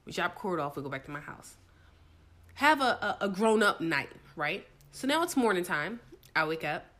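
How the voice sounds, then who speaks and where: A young woman co-hosting a casual chat, telling a story in an animated, profane way. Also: lowish voice, normal speed. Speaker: podcast co-host.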